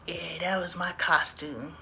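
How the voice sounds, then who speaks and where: A woman in her forties hosts a casual livestream, chatting candidly about old photos. Her voice is fairly low, steady, a little slow, and gravelly, with a sharp tone.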